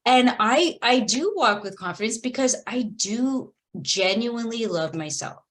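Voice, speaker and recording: A woman's voice: on the high side, expressive, measured pace, a bit bright. A woman psychotherapist, a guest on an online interview, answering animatedly and acting out quoted voices over a video call.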